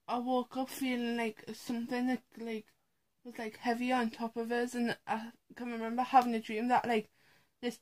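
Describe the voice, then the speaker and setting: A tired woman, telling a dream story with lots of hesitant fillers during a casual family chat at home. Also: on the high side. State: tired and yawning.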